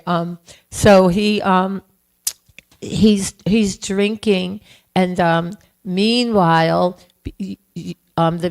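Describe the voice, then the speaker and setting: A woman giving a devotional class, telling a sacred story gently and voicing its characters. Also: on the low side, vocal fry, rough recording. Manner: gentle, slow storytelling with voiced quotes. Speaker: class speaker. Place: temple hall.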